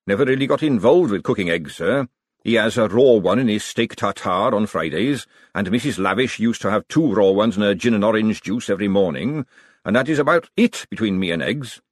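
A man's voice: fairly low pitch, animated, a little fast, no room sound, studio quality. A man voicing a nervous, hapless male chef who talks apologetically and miserably.

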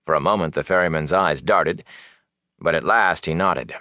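A man reading a fantasy novel aloud as narrator, in a measured, steady storytelling manner. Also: a bass voice, no room sound, studio quality. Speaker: audiobook narrator.

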